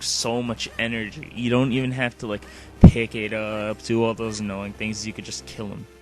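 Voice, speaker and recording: A man giving casual, rambling gameplay commentary as a let's play host, often dropping "like" as a filler. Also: medium pitch. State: sleepy.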